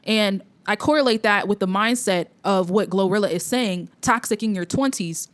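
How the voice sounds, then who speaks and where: Woman, young adult, vlog host, preachy, blunt, filler-heavy, middle pitch. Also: moderate pace. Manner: preachy, blunt, with many "you know" fillers and restarts. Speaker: commentary host. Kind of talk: opinion commentary vlog.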